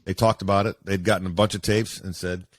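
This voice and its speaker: A man, a sportscaster, telling stories casually as an interview guest in an animated way with many fillers. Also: low voice, fast, no room sound, clean studio sound. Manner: animated, acts out quoted voices, many fillers.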